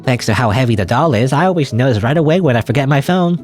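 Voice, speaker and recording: A man voicing a perky teenage girl who is the hero's childhood friend, with a nasal, breathy voice and a teasing, bossy manner. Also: medium pitch, animated, quick pace, darkish tone, faint music behind, natural voice. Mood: chatty.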